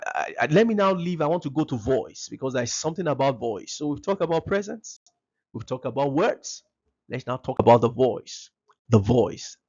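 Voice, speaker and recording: A man's voice: a little high, darkish tone, slightly rough, muffled recording. A man giving a seminar talk to parents, emphatic and repeating his key phrases.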